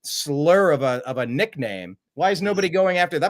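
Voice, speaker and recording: A man hosting a casual sports chat, animated and quick to mimic other voices in his stories. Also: fairly high pitch. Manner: animated, jumps into mocking voices. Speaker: host.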